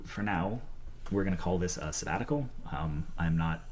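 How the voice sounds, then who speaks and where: Deep-voiced man, hesitant and reflective. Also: animated, normal speed, a loud crowd. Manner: reflective, hesitant, many ums. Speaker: YouTuber. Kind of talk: reflective video monologue.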